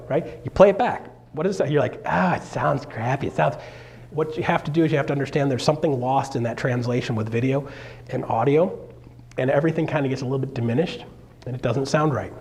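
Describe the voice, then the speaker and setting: A man, a realtor, giving an energetic, joking seminar talk on stage to a live audience. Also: medium pitch. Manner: energetic, joking, with sudden loud bursts.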